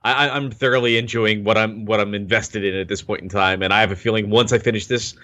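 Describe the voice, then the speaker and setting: A man's voice: on the low side, steady tone, quick pace, sharp tone, no echo. A man co-hosting a podcast, chatting casually in a rambling way that keeps interrupting itself. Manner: rambling, self-interrupting, laughs often. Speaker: podcast co-host. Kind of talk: casual chat.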